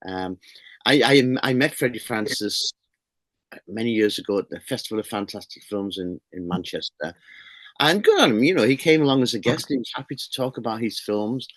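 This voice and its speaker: Speaking at a normal speed with lively intonation, this middle-aged horror magazine publisher has a fairly low voice. He's a guest in a casual interview, rambling eagerly and frequently starting over, and the recording has no room sound.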